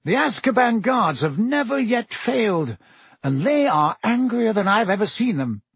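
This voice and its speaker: A man's voice: sits high, big pitch swings, moderate pace, a bit bright, husky, no room sound, voice pushed up, heavily acted. A man voicing a blustering middle-aged wizard minister who talks in a hearty, bluff and evasive way. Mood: flustered.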